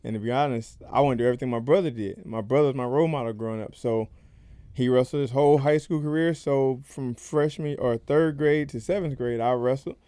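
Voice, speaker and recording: A professional fighter appears as a podcast guest, telling his own stories candidly, rapidly and conversationally into a close mic. His mid-range voice is warm and clean, and the recording is dry.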